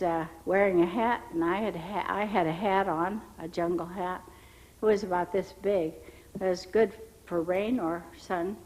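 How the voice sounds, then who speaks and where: A woman's voice: medium pitch, darkish tone, rough recording. An older woman giving her personal testimony in a church, telling her story in a rambling way with many restarts and acting out the people she quotes.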